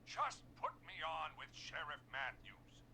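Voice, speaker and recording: An actor playing a gruff older male newspaper reporter calling into a radio show, brusque and cursing in an old-timey reporter voice. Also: a little high, big pitch swings, unhurried, bright, forceful tone, a little hiss or hum, heavily acted, low-quality recording. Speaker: caller.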